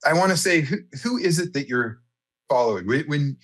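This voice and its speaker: A church founder appearing as a podcast guest answers in a conversational interview with long, reflective explanations. His voice is fairly high and a bit bright, with lively intonation and a slightly quick pace.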